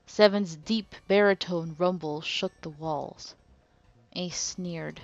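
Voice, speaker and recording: A woman hosting a let's play, reading the game's text aloud in a measured way with lively asides, on a dull, dry recording. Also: on the low side, soft background music.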